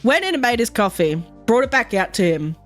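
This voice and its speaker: A woman's voice: a little high, a little fast, soft background music. A woman streamer telling stories in casual chat while gaming, swearing freely and laughing often. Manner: swears freely, animated storytelling with frequent laughs.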